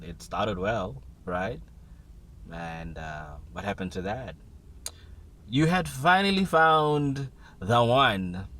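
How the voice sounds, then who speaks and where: Guy doing a chill motivational talk, lowish voice, jokey asides. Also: a bit bright, slight background noise. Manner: conversational, playful asides, dynamic. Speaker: host. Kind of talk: casual motivational monologue.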